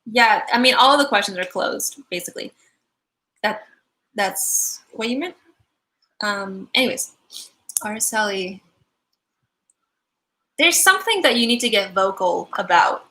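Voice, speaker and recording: A woman's voice: medium pitch, animated, a little slow, long pauses, pushed and bright. A woman giving a live-stream angel card reading, chatty and giggly, full of likes and ums.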